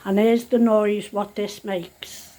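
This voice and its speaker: A woman's voice: mid-range voice, level tone, slow, warm tone. An older woman, a grandmother cooking at home, who talks in a chatty, rambling way and often corrects herself mid-sentence. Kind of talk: casual cooking vlog. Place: home kitchen.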